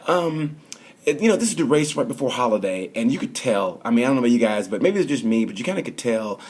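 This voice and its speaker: A man's voice: medium pitch, sing-song, fast, darkish tone, slightly rough. A man casually reviewing a motorcycle race in a rambling, chatty way. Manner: rambling, chatty, full of fillers and restarts. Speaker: motorsport vlogger.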